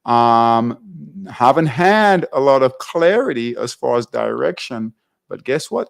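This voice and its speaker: A man's voice: medium pitch, animated, measured pace, gravelly. A man hosting a live trading workshop, thinking aloud over charts and checking in with "all right?" between phrases. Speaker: trading show host.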